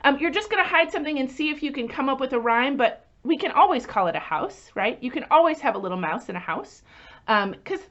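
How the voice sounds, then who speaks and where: Animated woman librarian, lively singsong. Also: sits high, quick pace, highs cut off. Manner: animated, singsong, asks the children questions. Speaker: children's librarian. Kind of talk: children's story time lesson.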